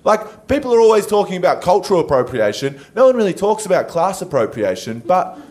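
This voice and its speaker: A young adult man with an Australian accent doing stand-up on a comedy stage. His voice sits on the higher side, and he talks in a loose, conversational way with plenty of swearing. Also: sing-song, brisk, darkish tone.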